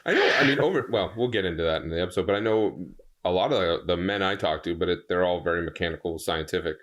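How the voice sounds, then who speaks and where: A man's voice: low-pitched, fast, a bit bright. A man from the American East Coast co-hosting a podcast, teasing and joking with the others. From east coast of the USA. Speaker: podcast co-host. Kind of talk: casual podcast banter.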